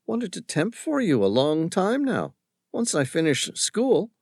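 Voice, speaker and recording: A man's voice: high-pitched, wildly swooping pitch, a little slow, gravelly, darkish tone, no room sound, clean studio sound, pitched above the performer's own voice, full character voice. A male narrator voicing a cheerful young woman who sells coffee from a street truck, in a raised, chirpy voice.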